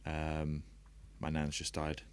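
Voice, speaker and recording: A man with a very deep, low voice speaks as a podcast guest. His talk is candid and reflective, and soft laughs break into it now and then. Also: monotone, slow, smooth. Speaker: podcast guest, rugby player.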